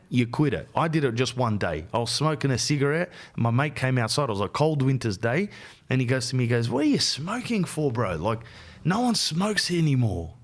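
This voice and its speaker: An Australian man hosting a podcast, giving blunt, slangy life advice in a casual monologue. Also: mid-range voice. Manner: blunt and slangy, keeps calling the listener "bro". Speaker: podcast host.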